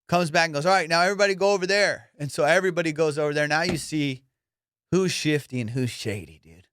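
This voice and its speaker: A young man, a comedian hosting his podcast, telling a profane, animated story. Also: on the high side, dry recording, clean studio sound. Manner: profane, animated, acts out voices. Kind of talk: casual storytelling.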